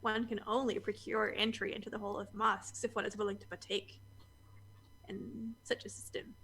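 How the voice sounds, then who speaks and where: A woman's voice: medium pitch, level tone, normal speed, fairly bright tone, a little hiss or hum, close to an everyday voice. A woman voicing an ancient, haughty mask maker who speaks formally and with disdain. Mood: condescending.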